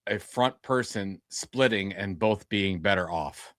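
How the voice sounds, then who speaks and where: A man co-hosting a podcast, speaking in halting, playful casual chat with frequent restarts. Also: lowish voice, fairly bright tone, no echo. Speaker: podcast co-host.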